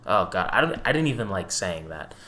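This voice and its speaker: Bright-voiced young man ranting about his team. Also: sits low, brisk. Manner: animated, profane, petty ranting with sarcastic asides. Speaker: host of a fan basketball channel. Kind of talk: casual profane fan commentary.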